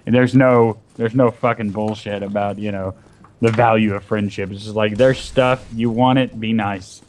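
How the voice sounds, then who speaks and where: A man's voice: on the low side, steady tone, normal speed, darkish tone, a little hiss or hum. A man co-hosting a gaming video, talking in a laid-back way, swearing freely and laughing often. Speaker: co-host of a gaming let's play. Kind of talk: casual gaming chat.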